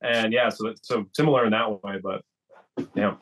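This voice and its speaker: Husky laid-back co-host man. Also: fairly low pitch, steady tone, normal speed, a bit bright. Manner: laid-back, short reactions. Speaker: podcast co-host. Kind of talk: casual chat.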